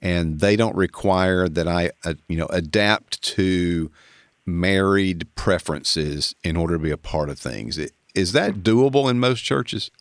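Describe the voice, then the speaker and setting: A man's voice: deep voice, measured pace, dry recording, studio quality. A man hosting an interview podcast, giving short, encouraging replies to his guest. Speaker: podcast host.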